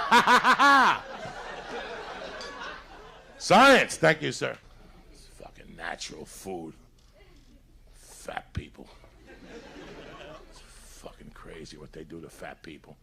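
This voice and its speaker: Cuban-born guy doing standup, super gravelly bright voice, swears nonstop. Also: mid-range voice, slight background noise. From Cuba. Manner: profane, rowdy storytelling. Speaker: stand-up comedian. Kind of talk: stand-up set. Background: audience laughter.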